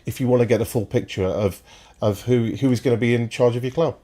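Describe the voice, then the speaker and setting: A man's voice: medium pitch, quick pace, mellow. A man hosting a football stream, giving opinionated, enthusiastic commentary that rambles at times. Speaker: football podcast host.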